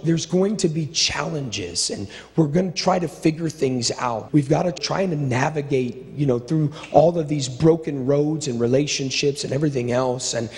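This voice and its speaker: A middle-aged male pastor preaching a sermon with impassioned, repetitive phrasing, swinging between stirring build-ups and low, quiet asides. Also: normal speed, hardly any pauses. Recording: long reverb of a large hall.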